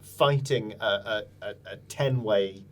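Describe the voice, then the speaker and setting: A man running an improvised tabletop game as game master, narrating in a playful, lively way with stumbles. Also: on the low side, takes it slowly.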